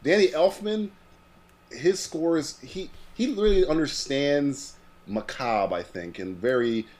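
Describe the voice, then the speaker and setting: A man's voice: fairly high pitch, slow pace, darkish tone. A man co-hosting a podcast in casual chat, rambling with frequent restarts, swearing and laughing often. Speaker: podcast co-host.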